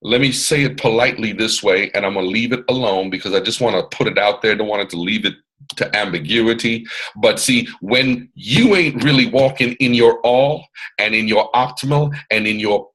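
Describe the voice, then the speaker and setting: A man from Atlanta with a Southern American accent and a resonant baritone, giving an emphatic, preachy motivational training talk on a video call. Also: moderate pace, a bit bright, poor audio. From Atlanta, Georgia, US. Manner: preachy, emphatic, repeats phrases, puts on voices of others. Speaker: mentor hosting a live training call.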